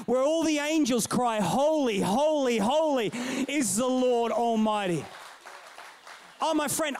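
A man over thirty-five delivers a sermon full of stories, swinging from loud outbursts to hushed lines. His voice is very high.

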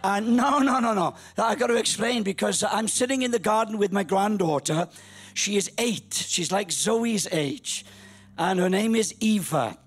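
A man in his sixties preaching a humorous storytelling sermon, lively, rising to shouts. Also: sits high, unhurried, husky. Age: 60s. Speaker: pastor.

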